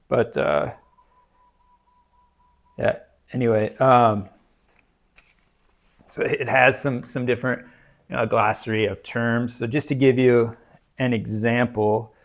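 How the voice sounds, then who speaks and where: A man's voice: medium pitch, vocal fry. A man chatting casually about books, rambling with many fillers and restarts. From United States. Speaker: book reviewer. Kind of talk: casual book chat.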